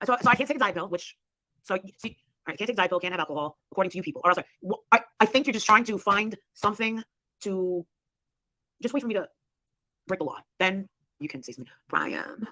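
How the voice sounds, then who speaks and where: A woman's voice: mid-range voice, expressive, quick pace, sharp tone, no echo. A woman hosting a casual livestream chat, blunt and swearing freely, often laughing. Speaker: livestream host.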